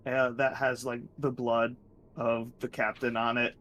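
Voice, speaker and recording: Male player, slow and flat, measured explanations. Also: medium pitch. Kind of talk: tabletop game play.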